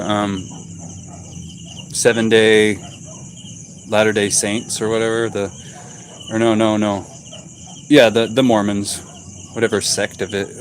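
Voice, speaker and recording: A middle-aged man talks in an unhurried, rambling drawl, joking about himself with dry sarcasm. He is vlogging outside at night in a quiet rural spot, with crickets and a faint hiss of night air around him. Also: fairly low pitch. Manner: slow, rambling, self-mocking sarcastic talk. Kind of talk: casual night-time vlog. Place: outdoors at night in a rural yard.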